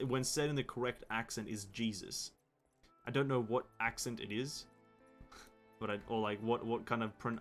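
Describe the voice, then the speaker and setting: A young man streams a game and chats loosely, often restarting his sentences and laughing at himself. His voice sits in a plain middle range, with soft music playing behind him. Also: mid-range voice. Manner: rambling, self-interrupting, laughs at himself. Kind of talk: casual chat.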